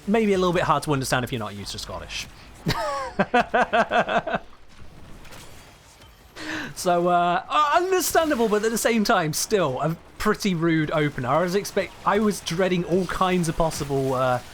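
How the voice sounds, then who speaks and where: A man's voice: high-pitched, very animated, a little fast, hardly any pauses, a bit bright, a little hiss or hum. A British man chatting casually on a live game stream, rambling and reading chat aloud.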